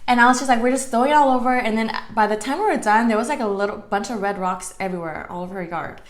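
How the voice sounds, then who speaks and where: A woman in her twenties chatting casually while eating, telling a story with many "like" fillers and sometimes dropping to a soft whisper. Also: a little high, rapid-fire. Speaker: mukbang vlogger.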